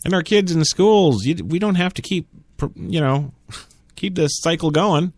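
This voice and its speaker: A man's voice: normal speed, dry recording. A man hosting a solo talk radio show, opinionated and sarcastic, talking straight into a studio mic. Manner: opinionated, sarcastic, lively swings in pitch.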